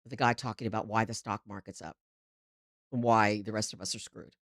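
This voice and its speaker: A woman's voice: very deep voice, fairly even intonation, fairly quick, dry recording, studio quality. A middle-aged woman hosting a live political show, talking in a heated, rambling way with frequent restarts.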